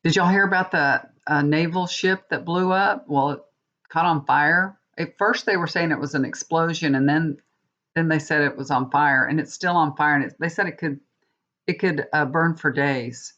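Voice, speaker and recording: A woman's voice: low voice, moderate pace, fairly bright tone, lo-fi sound. A woman tarot reader chatting casually to her viewers, indignant and talkative, calling them y'all.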